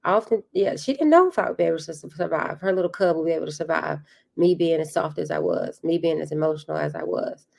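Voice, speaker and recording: Female podcast host with a low, gravelly voice; earnest and reflective, repeats lines to land the point. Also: quick pace, a little mellow. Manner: earnest, repeats key phrases for emphasis. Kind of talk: reflective motivational monologue.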